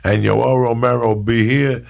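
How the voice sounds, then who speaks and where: A man in his fifties, born in Cuba, hosting a casual podcast and telling profane stories in an animated way, imitating the people in them. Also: mid-range voice, moderate pace, vocal fry. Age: 50s. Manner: profane, animated storyteller who mimics people. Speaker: podcast host. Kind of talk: casual storytelling chat.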